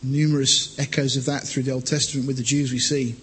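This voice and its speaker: Preacher, husky voice in a hall. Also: male voice, medium pitch, little pitch movement, fairly bright tone. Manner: measured expository preaching, reads scripture aloud then comments. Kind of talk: sermon with scripture reading. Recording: long hall reverb.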